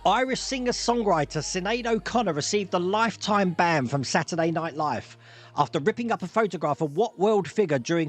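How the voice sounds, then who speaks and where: A man hosting a live-streamed pub quiz, jokey and quick to laugh as he reads out multiple-choice options. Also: a little high. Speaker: quiz host.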